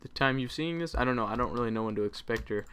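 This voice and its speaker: A man's voice: mid-range voice, fast talker, fairly bright tone, slight background noise. A man hosting a let's play, chatting casually over his gameplay and rambling with many ums and uhs.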